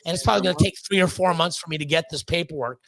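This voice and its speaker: A man in his fifties, a guest on a live stream, casually telling a long story, profane and rambling, getting animated when he quotes people. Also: fairly high pitch, racing, vocal fry. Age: 50s.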